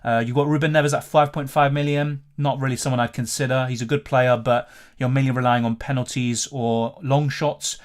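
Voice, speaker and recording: A man's voice: medium pitch, steady tone, normal speed. A man hosting a live fantasy football Q&A stream, chatting casually, thinking aloud and answering viewer comments.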